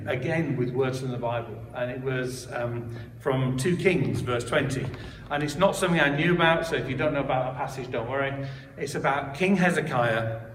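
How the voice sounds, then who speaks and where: This man's testimony comes across in a mid-range, somewhat bright voice, caught far from the microphone in a roomy hall with a bit of hiss or hum. He tells it conversationally, restarting often and wandering into asides.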